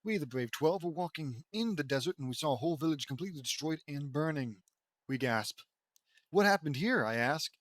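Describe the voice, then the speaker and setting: Man, slightly high voice, dry close sound; reads fan fiction with sarcastic asides and stumbles. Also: a little fast, dry recording. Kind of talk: mocking dramatic reading with commentary.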